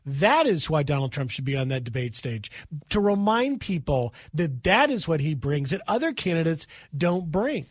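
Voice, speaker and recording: A middle-aged man fills in as a radio host and tells a long story in a lively, animated way, now and then acting out the people in it. His voice sits high for a man. The sound is dry and close to the mic, with no room around it. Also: normal speed, dry recording.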